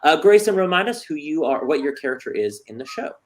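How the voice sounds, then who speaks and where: A man's voice: fairly high pitch, very animated, quick pace. A man hosting a casual chat interview, joking and chatty with plenty of fillers. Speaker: host.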